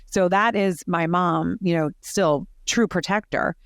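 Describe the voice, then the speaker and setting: Animated woman telling personal stories. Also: fairly low pitch, unhurried, vocal fry, smooth, dry recording, clean studio sound. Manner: animated, lots of "like" fillers and restarts. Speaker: podcast guest. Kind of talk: personal storytelling in conversation.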